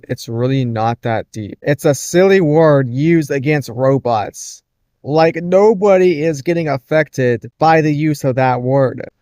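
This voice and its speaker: A man's voice: medium pitch, darkish tone, no room sound, clean studio sound. A man hosting a casual reaction commentary, blunt and mocking, who laughs off what he reacts to. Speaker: commentary host.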